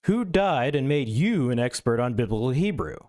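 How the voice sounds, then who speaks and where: A man's voice: medium pitch, sing-song, moderate pace, darkish tone. A male streamer reading an essay aloud, breaking in with wry, self-mocking asides.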